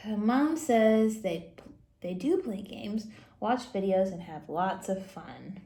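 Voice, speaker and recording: A woman teaching Sunday school who reads a silly picture book aloud to children, playful and quick to giggle. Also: medium pitch, expressive, mellow. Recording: roomy echo.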